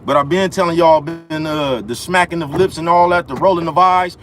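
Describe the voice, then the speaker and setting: Soft background music plays as this young livestream host rants from outdoors in the cold near traffic, his fairly high voice brisk and a bit bright. The monologue is profane and repetitive, and he keeps checking, "you know what I'm talking about."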